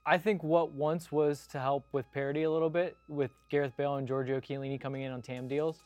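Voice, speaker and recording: Give me a quick-talking, teasing male podcast co-host. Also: a little high, little pitch movement, a little mellow, dry recording, muffled recording. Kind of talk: casual sports podcast banter.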